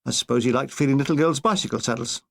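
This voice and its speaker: A man's voice: mid-range voice, fast talker, gravelly, a bit bright. A man narrating his own war memoir as an audiobook, in a dry, wry storytelling manner.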